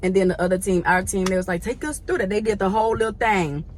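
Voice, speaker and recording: A woman telling a lively story to her viewers, chatty and slangy, laughing often and calling them y'all. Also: medium pitch, fast talker, slight background noise. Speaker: vlogger.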